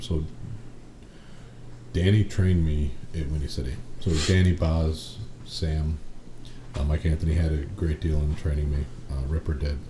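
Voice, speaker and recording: A man with a very low voice recounts his wrestling days in a relaxed interview, swearing freely and acting out the lines people said. He sounds like he is in an echoey room, with a steady noise under his voice. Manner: animated storyteller, swears freely, acts out quotes. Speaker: wrestling guest. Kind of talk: casual interview storytelling.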